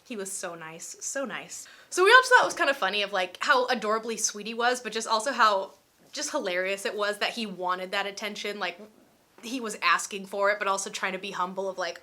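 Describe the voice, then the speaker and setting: A young woman in her twenties telling a storytime vlog in a chatty, animated way, with lots of "like". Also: medium pitch, brisk. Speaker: vlogger.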